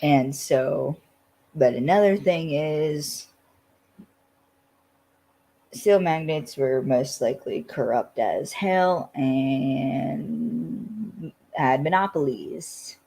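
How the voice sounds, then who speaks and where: A woman's voice: low-pitched, extremely slow, creaky, long pauses, warm tone, low-quality recording. A woman from western Pennsylvania co-hosting a casual podcast, recapping a TV episode in a rambling way, full of "like" and "you know". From western Pennsylvania, USA. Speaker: podcast co-host.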